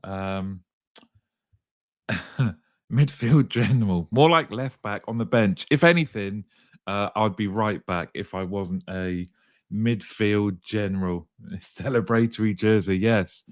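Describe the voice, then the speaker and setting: A man hosting a live show, cheerfully greeting viewers by name and joking, his throat a little croaky. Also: fairly low pitch, slow pace, no room sound, clean studio sound. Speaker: host. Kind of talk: live show chat reading comments.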